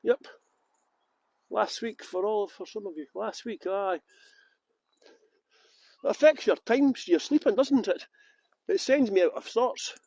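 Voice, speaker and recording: A man's voice: sits high, measured pace, long pauses, a little mellow. A Scottish man guiding a live-streamed walking tour outdoors in a garden, greeting viewers by name with jokey, self-mocking banter. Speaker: tour guide.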